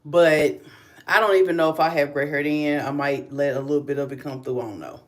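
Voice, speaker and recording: A woman's voice: low-pitched, fairly even intonation, brisk. Middle-aged Kentucky woman, light Southern drawl, chatty livestream host talking viewers through each step. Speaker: beauty vlogger. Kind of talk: casual livestream tutorial.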